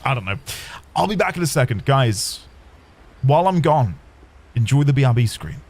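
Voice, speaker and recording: A man's voice: medium pitch, big pitch swings, moderate pace, a little mellow. A man streaming a video game, chatting casually and rambling to his viewers. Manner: chatty, rambling, talks to chat.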